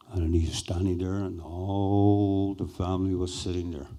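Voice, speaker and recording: An older man slowly and haltingly recounting a personal experience as a speaker at a conference. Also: low voice, flat delivery, warm tone. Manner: slow, halting, reflective. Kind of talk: personal storytelling.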